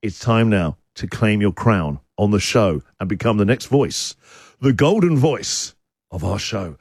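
A male radio host talks in a bouncy, teasing way, his pitch leaping up and down as he chats. The studio sound is dry and close, with no room echo. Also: a little slow, husky. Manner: energetic, chatty, teasing. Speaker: radio breakfast show host. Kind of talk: upbeat radio chat.

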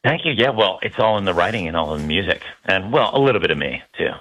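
A very low-pitched American man talks as a guest in a radio studio. His tone is bright and forward. He chats freely and laughs at himself. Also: animated, quick pace, husky, low-quality recording. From United States. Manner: chatty, laughing, self-deprecating. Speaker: guest, musical theatre actor. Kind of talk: radio interview chat. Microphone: studio microphone.

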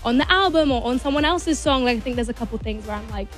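Bubbly high-voiced English teen girl. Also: lively intonation, quick pace, soft background music. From England. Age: teens. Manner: bubbly, rambling, heavy use of "like". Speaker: guest singer and actor. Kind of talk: casual radio interview chat. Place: radio studio.

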